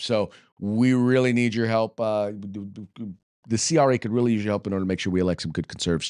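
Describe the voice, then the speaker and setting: A man's voice: on the low side, a little mellow, no echo, studio quality. An American man hosting a political commentary show, talking loosely with jokes, fillers and restarts. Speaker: podcast host.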